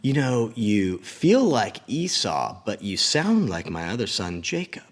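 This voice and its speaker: A man voicing a blind, frail old father in a children's Bible story, speaking slowly and softly. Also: fairly low pitch, big pitch swings. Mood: puzzled.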